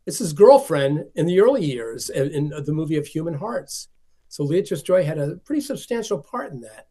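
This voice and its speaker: A man's voice: fairly high pitch, sing-song, moderate pace, mellow, slightly rough. A man, a film collector being interviewed, telling stories and acting out the voices of the people he quotes. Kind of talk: conversational storytelling.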